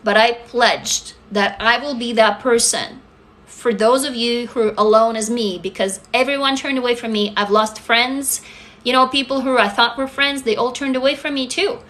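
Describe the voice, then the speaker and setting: Woman live-streaming, bright and forceful, blunt and profane, reads chat aloud. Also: fairly high pitch, steady tone, normal speed. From Russia. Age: adult. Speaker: livestream host.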